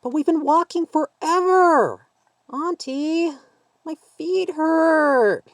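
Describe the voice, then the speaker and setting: A man reading aloud voices a frightened little girl who whines and shrieks in a very high voice. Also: slow, dry recording, exaggerated voice. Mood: whiny. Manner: shrill, whining, shrieking. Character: little lost girl, whiny, easily frightened.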